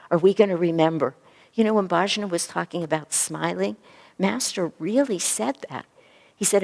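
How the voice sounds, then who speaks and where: Woman, yoga teacher, low voice, earnest and soft-spoken, reverberant hall. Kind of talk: spiritual class talk. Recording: echoey hall recording.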